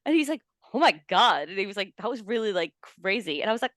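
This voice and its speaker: A young woman co-hosting a podcast, loud and reactive, laughing easily. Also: mid-range voice, animated, very fast, dry recording, clean studio sound. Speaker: podcast co-host. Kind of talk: casual chat.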